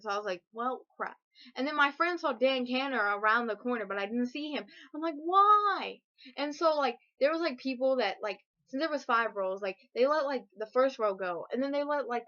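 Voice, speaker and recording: A teenage girl vlogging, telling an excited personal story full of fillers, gushing and breathless, with sudden shrieks. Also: on the high side. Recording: dull lo-fi webcam audio.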